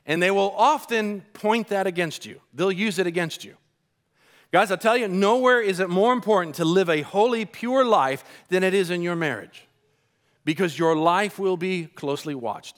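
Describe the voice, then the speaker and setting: Man preaching, middle-aged, storytelling, somewhat high-pitched voice. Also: a bit bright. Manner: storytelling, acts out dialogue. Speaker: pastor. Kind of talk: sermon.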